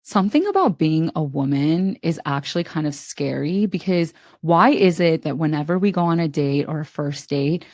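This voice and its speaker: A woman's voice: low voice, expressive, normal speed, hardly any pauses, a little mellow, no room sound, clean studio sound. A young woman co-hosting a podcast, casually and expressively retelling a film plot with plenty of filler words. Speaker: podcast co-host. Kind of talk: casual chat.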